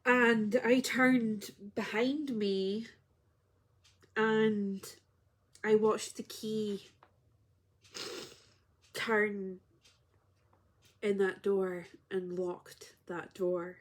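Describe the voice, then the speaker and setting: A woman's voice: mid-range voice, fairly even intonation, extremely slow, pauses often. A woman who works as a spiritual healer tells a personal story in a heartfelt, reflective way on her vlog.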